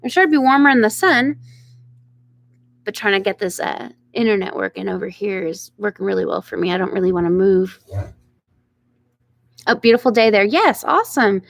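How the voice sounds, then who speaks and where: A woman's voice: mid-range voice, animated, moderate pace, creaky, long pauses. Chatty Oklahoman woman on a ranch. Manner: chatty, greets viewers by name with bright bursts of enthusiasm. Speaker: ranch channel host reading live chat. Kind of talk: casual live-stream chat. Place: outdoors on a ranch.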